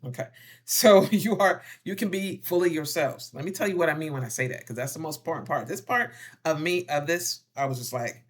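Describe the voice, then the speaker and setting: An animated wellness vlogger talks straight to the viewers in a relaxed, easy way. Pitch sits in a middle range, and the delivery stays playful, full of endearments and slang, with quick acted-out scenes. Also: husky. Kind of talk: casual advice monologue to viewers.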